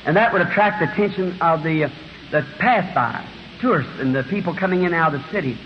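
A man preaching a fervent sermon in a large hall, now and then bursting into shouts. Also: fairly high pitch, lively intonation, quick pace. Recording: dull echoey hall recording with faint hiss.

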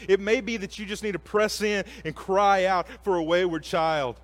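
A man in his forties preaching a sermon, earnest, with slow emphatic phrases that often drop to a soft hush. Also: high-pitched. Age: 40s.

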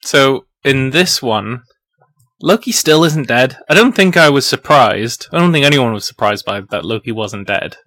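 A man's voice: mid-range voice, expressive, moderate pace, sharp tone, no room sound. Rambling laughing man, dry sound. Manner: rambling, laughing, acts out quotes. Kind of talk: casual film review chat.

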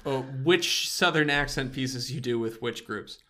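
Wry, musing young podcast co-host. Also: male voice, mid-range voice, unhurried, bright, forceful tone. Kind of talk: casual chat.

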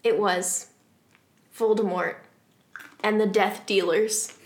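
A woman's voice: mid-range voice, steady tone, slow, a little hiss or hum. A woman podcast host reading fan fiction aloud for laughs, with amused asides. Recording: roomy echo.

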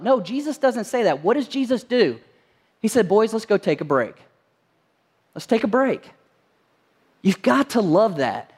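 A male pastor in his thirties preaching a sermon, animated and conversational, acting out quotes. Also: sits high.

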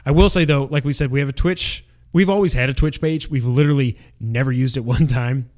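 A young man co-hosting a casual gaming podcast, an animated storyteller who acts out his own yelling. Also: mid-range voice, brisk. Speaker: podcast co-host.

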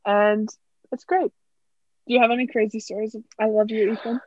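A woman's voice: fairly high pitch, fairly quick. A young woman co-hosting a podcast, telling stories in casual chat, chatty and full of fillers. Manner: chatty, many fillers, animated storytelling. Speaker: podcast co-host. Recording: dull lo-fi dry sound.

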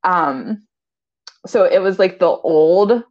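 A woman's voice: fairly low pitch, takes it slowly. Chatty, giggly woman recapping an episode. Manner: chatty, giggly, quotes characters in voices. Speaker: podcast co-host recapping a TV episode. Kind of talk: casual recap chat. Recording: slightly dull lo-fi sound.

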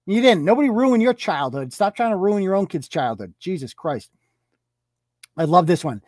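A woman's voice: lowish voice, sing-song, moderate pace, a little mellow, dry recording. Sarcastic, foul-mouthed woman ranting. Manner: sarcastic, mocking, profane. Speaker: live show host. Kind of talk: profane ranting commentary.

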